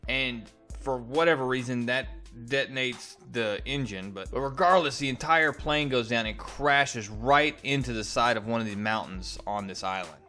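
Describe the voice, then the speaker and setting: A man's voice: medium pitch, normal speed, bright, forceful tone, faint music behind. A man casually recapping and reviewing a comic book, telling the story animatedly with frequent restarts.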